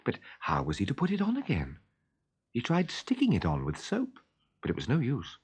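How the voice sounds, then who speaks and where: A man reading a children's story aloud with expressive, lively narration. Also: mid-range voice, normal speed, husky.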